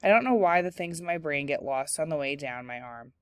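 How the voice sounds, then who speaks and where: A woman teacher reading a children's novel aloud in clear, steady storytelling narration. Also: sits low, brisk, no echo, studio quality. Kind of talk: read-aloud book narration.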